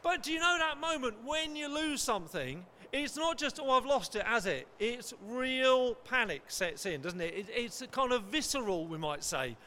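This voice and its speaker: A middle-aged man preaching a lively sermon, acting out panicked voices and asking the audience questions. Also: very high-pitched, normal speed, few pauses, slight background noise.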